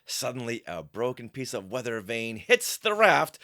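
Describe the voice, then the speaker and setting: A man with a bright, forward voice co-hosts a casual podcast and recaps a comic story. His pitch swings widely as he reads lines aloud, and he breaks into laughter often. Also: sing-song, moderate pace.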